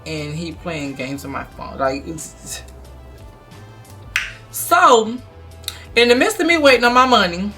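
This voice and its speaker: A young adult woman telling a story on her vlog in a blunt, animated, emphatic way. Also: mid-range voice, slow pace, long pauses, faint music behind. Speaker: vlogger.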